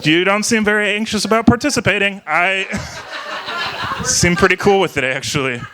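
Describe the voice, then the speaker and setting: A young man from Ohio doing an open mic stand-up set, rambling and halting, laughing at his own jokes. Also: sits high. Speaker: stand-up comedian. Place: small bar venue with live crowd.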